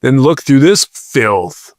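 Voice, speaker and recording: A man's voice: mid-range voice, sing-song, takes it slowly. A man trading jokes on a casual podcast at a close mic. His voice sits in the middle of the male range, and the room is dry with no echo. He rambles and takes playful detours. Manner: joking, rambling, playful asides. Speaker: podcast co-host. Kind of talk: casual comedic podcast chat.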